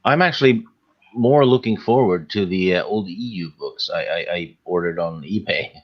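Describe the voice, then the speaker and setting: A man's voice: low voice, dull audio. A man on a casual panel chat, speaking hesitantly and filling his talk with "uh". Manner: slow, hesitant, full of uhs.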